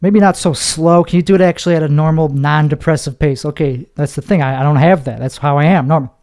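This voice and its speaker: A man's voice: a little high, steady tone, fast, a little mellow. Rambling, profane male podcast comedian. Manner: rambling, self-mocking, profane, slips into put-on voices. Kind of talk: confessional monologue.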